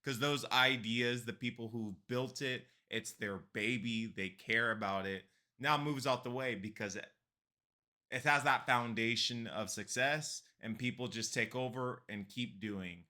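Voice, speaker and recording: A man's voice: medium pitch, unhurried, sharp tone. A man hosting an interview, agreeing emphatically and asking follow-up questions. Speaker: podcast host. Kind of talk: casual interview chat.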